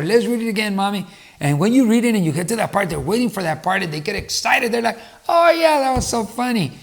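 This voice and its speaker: A middle-aged man, a former teacher, giving earnest advice to camera in a casual talk, with restarts and repeated words. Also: a little high. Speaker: motivational speaker and former teacher.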